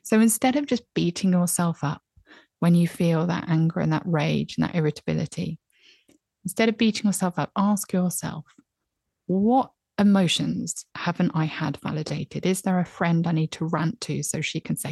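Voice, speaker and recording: A woman in her thirties speaks with an earnest, reflective manner as a podcast guest. Her voice sits on the low side for a woman. The recording is close and dry, with no room sound. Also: normal speed, creaky, slightly rough, dry recording. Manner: earnest, reflective, animated when recounting. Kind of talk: candid conversational advice.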